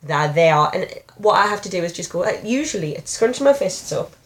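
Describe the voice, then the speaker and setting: A woman, candidly telling personal stories in an animated, self-deprecating way. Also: fairly low pitch, a little fast. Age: 30s. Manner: frank, animated storytelling with self-deprecating humor.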